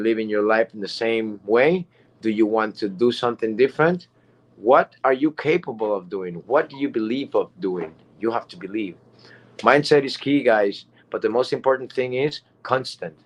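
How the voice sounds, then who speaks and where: A man in a mid-range voice gives a loose motivational talk as a guest speaker. He rambles and circles back, leaning on fillers and repeated phrases. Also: mid-range voice. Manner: rambling, repetitive, with many fillers.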